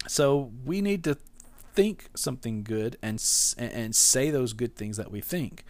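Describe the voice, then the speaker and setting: A male pastor delivering a sermon in an easygoing, chatty manner, leaning on fillers as he talks it through. His voice swings lively up and down in pitch. The sound is close and dry, with no room around it. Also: unhurried, no room sound. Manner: conversational, animated, with frequent fillers.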